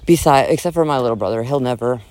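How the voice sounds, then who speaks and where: Quick and mid-range, a man's voice tears through a dramatic, profane rant while breaking off for casual asides. He moves between loud mock yelling and softer talk.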